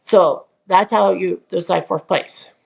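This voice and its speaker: A woman's voice: on the low side, slow pace, creaky. A woman hosting her channel, casually walking through how a simulated sports tournament was set up, rambling, thinking aloud and correcting herself as she goes. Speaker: channel host.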